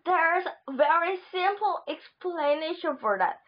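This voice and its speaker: A woman's voice: very high-pitched, expressive, a little slow, pitched above the performer's own voice. A woman reading the lines of a nervous schoolboy sidekick who stammers. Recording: dull lo-fi recording.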